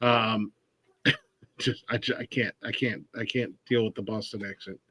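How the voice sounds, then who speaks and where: A man's voice: lowish voice, fairly even intonation, measured pace, bright, forceful tone, husky, no room sound. A man from Ohio hosting a casual podcast interview, rambling with many restarts and fillers. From Ohio, USA. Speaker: podcast host.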